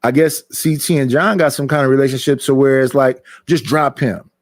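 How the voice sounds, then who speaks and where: A man's voice: medium pitch, fairly even intonation, fairly quick, no echo. A man, complaining emphatically about people turning against him, repeating his points in casual streamed talk. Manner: aggrieved, emphatic, repeats himself. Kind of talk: heated casual chat. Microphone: streaming mic.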